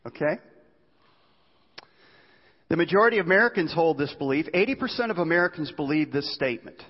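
Male preacher, sermon, chatty storytelling, rhetorical questions, slightly high voice, long hall reverb. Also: expressive, a little fast, slightly rough, dull audio.

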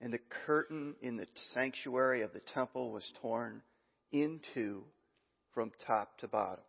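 A man preaching a sermon as pastor, reading scripture aloud with asides and some halting restarts. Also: medium pitch, creaky. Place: church sanctuary. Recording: muffled, long hall reverb.

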